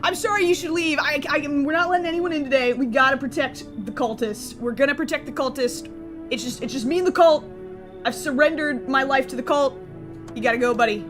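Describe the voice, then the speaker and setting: A woman's voice: high-pitched, brisk, over music. A young woman streamer giving goofy, rambling let's-play commentary and laughing often. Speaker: gaming streamer.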